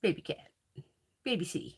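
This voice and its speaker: A woman hosting a casual livestream, chatting with viewers in a loose, profane way. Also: moderate pace. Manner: chatty, profane, reads and answers viewer comments. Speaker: livestream host.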